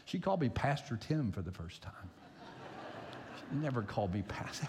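Older male pastor, animated sermon delivery with a swinging pitch, recorded in a reverberant hall. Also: a little fast, a little hiss or hum. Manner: animated storyteller, repeats phrases for emphasis. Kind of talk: sermon with personal anecdote.

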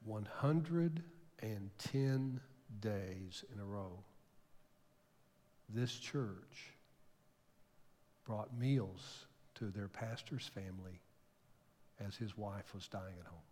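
An older pastor, preaching in a church with a long ringing reverb. His voice sits somewhat low, and he tells his story with feeling, swinging from loud emphatic rises to hushed, almost whispered lines. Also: drawn-out words, long pauses. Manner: emotional storytelling with sudden loud rises and soft drops. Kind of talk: sermon. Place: church sanctuary.

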